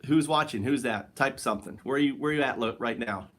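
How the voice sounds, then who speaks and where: A man's voice: mid-range voice, quick pace, a bit bright. A man hosting a solo livestream from home, rambling in a wry, joking way and talking to an absent listener. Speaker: livestream host.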